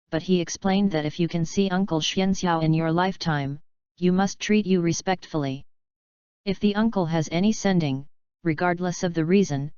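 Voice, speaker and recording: A woman's voice: lowish voice, a little mellow, clean tone, no room sound, natural voice. A woman reading the lines of a stern, formal female sword disciple. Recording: slightly dull lo-fi recording.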